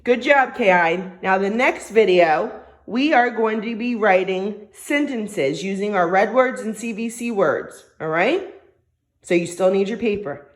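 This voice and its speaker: A woman teacher giving a recorded phonics lesson to young children, dictating words and sentences slowly and patiently with plenty of encouragement. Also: fairly high pitch.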